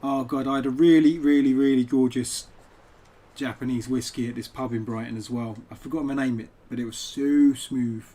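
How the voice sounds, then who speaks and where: Male streamer, average pitch, casual rambling chat to viewers from home. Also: fairly even intonation, moderate pace, warm tone. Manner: rambling, chatty, digressive. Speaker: poet and game streamer. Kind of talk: casual live-stream chat over gameplay.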